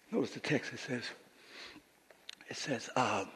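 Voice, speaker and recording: A man's voice: medium pitch, a little slow, pauses often, a bit bright, slightly rough, big-room sound. A man preaching a sermon as pastor, emphatic, often repeating words as he restarts his sentences. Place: church sanctuary.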